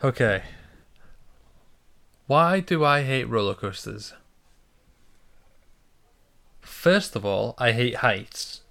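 Young guy, stumbles over words a lot, middle pitch. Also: animated, extremely slow, vocal fry, long pauses, a bit bright. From Britain. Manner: hesitant, repeats words while storytelling. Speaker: podcast co-host. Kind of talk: casual chat.

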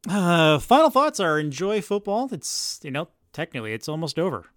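A man's voice: fairly high pitch, very animated, normal speed, no room sound, clean studio sound. A man co-hosting a casual sports podcast, who laughs often and makes wry jokes. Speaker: podcast co-host.

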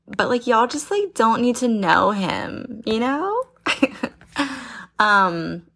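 A young woman hosts her own podcast in loose, candid chat. Her voice has a gravelly fry and she takes her time, lacing her talk with swearing and constant "like" fillers. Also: a little high, big pitch swings, slow pace, bright, forceful tone. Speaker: podcast host. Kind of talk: casual chat.

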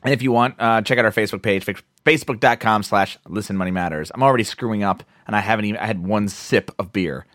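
A man's voice: fairly low pitch, fast, few pauses, a bit bright, dry recording. A man co-hosts a laid-back podcast, joking around and swearing casually. His voice is recorded very dry and close, with no room sound. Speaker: podcast co-host.

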